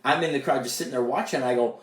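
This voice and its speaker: Casting: male musician-producer, lively storyteller, echoey room, mic a bit distant. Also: rapid-fire. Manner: animated, acts out quoted voices higher. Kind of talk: casual storytelling chat.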